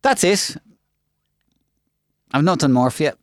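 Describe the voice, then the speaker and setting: An Irish man co-hosting a breakfast radio show from a studio, teasing his co-host in dry, deadpan banter. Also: on the high side, a little slow, no echo. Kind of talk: casual on-air banter. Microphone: studio microphone.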